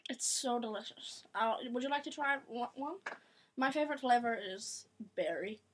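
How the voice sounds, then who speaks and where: A woman's voice: on the high side, moderate pace, a little hiss or hum, natural voice, low-quality recording. A woman playing a rambling pot pie guest. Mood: boastful. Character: boastful female pot pie maker guest. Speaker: talk show guest.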